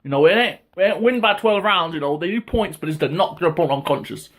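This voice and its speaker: A man hosting his own boxing talk channel, ranting in a heated, casual way, with lots of swearing and sudden high-pitched outbursts. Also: animated, fast, fairly bright tone. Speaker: boxing commentary vlogger. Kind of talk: casual opinion rant.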